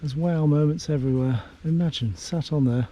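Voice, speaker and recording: A man's voice: fairly high pitch, a little fast, dark tone. A middle-aged man from the UK chatting enthusiastically as he walks outdoors through village streets, admiring everything he sees. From United Kingdom. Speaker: travel vlogger. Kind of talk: casual walking commentary.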